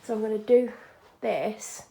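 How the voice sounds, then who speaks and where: A woman chatting frankly in a home vlog from a room she is decorating, sometimes dropping into soft whispered asides. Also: mid-range voice, unhurried, gravelly. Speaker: vlogger. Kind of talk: casual home vlog chat.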